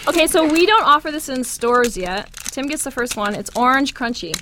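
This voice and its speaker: Woman, guest, chatty, eager, fairly high voice, crowd chatter behind. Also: expressive, fairly quick. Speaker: chocolate maker guest. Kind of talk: casual chat.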